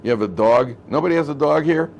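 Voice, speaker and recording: A man's voice: fairly high pitch, fast, vocal fry, a little mellow. A man, a rabbi, giving a Torah lecture to a live class, talking conversationally, repeating phrases and acting out quoted speech in his stories.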